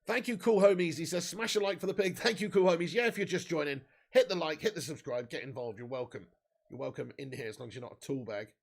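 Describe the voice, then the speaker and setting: A young man hosting a live football watch-along, bantering with the chat, swearing freely and shouting out on big chances. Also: fairly high pitch, fast, vocal fry.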